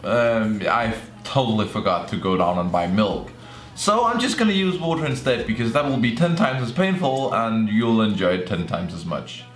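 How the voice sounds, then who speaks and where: A young man giving casual reaction commentary as a YouTuber, joking and sarcastic with excitable outbursts. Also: on the low side, normal speed. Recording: echoey room with faint music.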